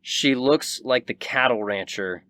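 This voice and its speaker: A young man runs a tabletop game as its game master, telling the scene in a vivid, relaxed way. His voice sits at a middle pitch. The sound is close and dry. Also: a little slow, no room sound.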